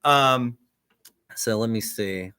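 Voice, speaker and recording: A man teaching guitar in a casual, halting way, often repeating words as he explains and counting beats aloud. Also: mid-range voice, pushed and bright, clear, resonant tone.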